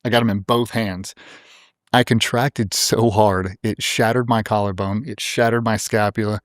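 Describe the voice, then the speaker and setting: A man's voice: fairly low pitch, steady tone, normal speed, no echo, clean studio sound. A middle-aged man, a former special operator, telling a vivid, blunt, profane story as a guest in an interview.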